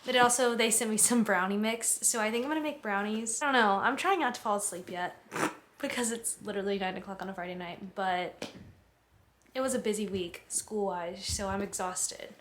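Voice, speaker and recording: A woman's voice: medium pitch, fairly quick, fairly bright tone. A young woman in her twenties, a student, chatting casually to camera at home with lots of filler words and little laughs. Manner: chatty, many "like" fillers, giggly. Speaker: student vlogger. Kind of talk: casual vlog chat to camera. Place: home, kitchen and bedroom.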